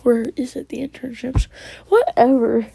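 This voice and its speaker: Soft-voiced woman rambling through a story. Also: on the high side, lively intonation, normal speed, vocal fry, breathy edge, no echo. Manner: rambling, quoting characters with "he's like"; often drops into a whisper. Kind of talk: casual fan story retelling.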